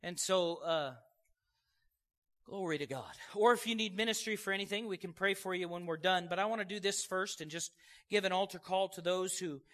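Preaching at a normal speed in a voice that sits high, this male pastor animates his sermon with stories and keeps calling "amen" to the people gathered in the church sanctuary.

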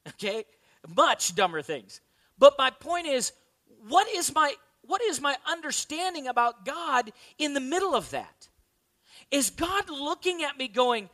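A man's voice: very high voice, big pitch swings, unhurried, bright, forceful tone. A man in his thirties giving a conversational sermon as a pastor, often asking his listeners questions. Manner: conversational, asks the audience questions.

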